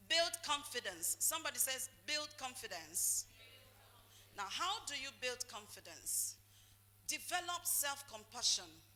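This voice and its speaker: A woman's voice: fairly high pitch, bright, forceful tone. A woman giving a motivational talk, calling out questions for the audience to finish. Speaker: motivational speaker. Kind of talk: call-and-response motivational talk. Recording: echoey hall, faint noise.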